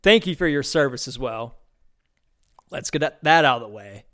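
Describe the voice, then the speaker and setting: A man's voice: mid-range voice, expressive, moderate pace, fairly bright tone. A man hosting a podcast, talking in a loose, sarcastic and incredulous way, rambling through his thoughts. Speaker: podcast host. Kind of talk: casual commentary.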